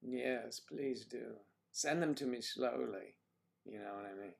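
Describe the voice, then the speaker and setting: A man's voice: medium pitch, a little slow, vocal fry. A man hosting a casual livestream, rambling and joking as he reacts to viewer comments. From United States. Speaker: livestream host.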